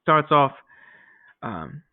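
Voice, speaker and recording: A man's voice: on the high side, big pitch swings, drawn-out words, no echo. Man teaching a Spanish lesson over tinny audio. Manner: explains step by step, often checking with "okay?". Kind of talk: recorded classroom lesson.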